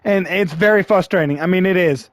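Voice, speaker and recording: A man narrates his own football video game in a fairly high voice, audibly frustrated and sighing between plays. His voice is wearing thin from long talking. The recording is close and dry. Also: fairly quick, no echo. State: losing his voice. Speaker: gaming channel host. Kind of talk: live gameplay commentary.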